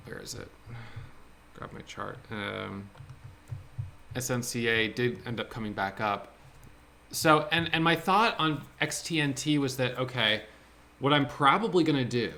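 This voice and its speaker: A man with a bright, forceful voice talks through his day trades in a casual screen-share recap. He thinks out loud with excitement and often restarts his sentences as he goes. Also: mid-range voice.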